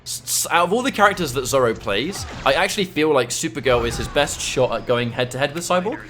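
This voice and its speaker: A man doing live commentary on a fighting game tournament, excitable and prone to loud shouts. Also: fairly high pitch, fast talker. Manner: excitable, breaks into loud shouts at big moments. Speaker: esports commentator.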